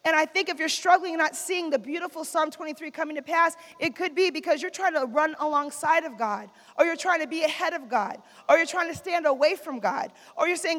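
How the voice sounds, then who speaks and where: A woman preacher with a high voice delivers a sermon, drawing call-and-response from the congregation and repeating key lines. Her voice rings with the long reverb of a big church hall. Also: fairly quick, few pauses, fairly bright tone.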